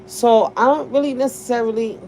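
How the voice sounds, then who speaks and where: A woman's voice: a little high, steady tone, fairly quick, darkish tone, a little hiss or hum. A woman in her forties telling a casual story to her viewers, blunt and profane, laughing often as she talks. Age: 40s. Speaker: vlogger.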